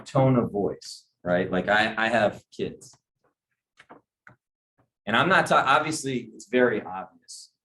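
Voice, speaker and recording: A man's voice: fairly low pitch, expressive, takes it slowly, long pauses, bright, forceful tone. A middle-aged man leading a sales training session, talking casually and often checking in with his audience. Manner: conversational, asks the audience questions. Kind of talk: training talk to a group.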